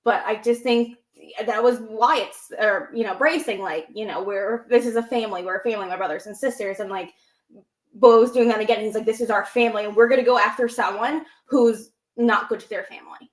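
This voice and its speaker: A woman co-hosting a casual podcast, excitedly retelling scenes and quoting lines with animated delivery. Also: fairly high pitch, fairly quick. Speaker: podcast co-host. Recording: roomy echo.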